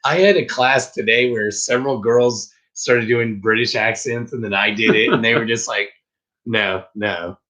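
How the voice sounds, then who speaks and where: A man's voice: mid-range voice, steady tone, moderate pace, few pauses, bright, forceful tone. A man co-hosting a casual live stream, playful and chatty, who jumps into silly voices. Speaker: co-host of a reselling live show. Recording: dull lo-fi stream audio.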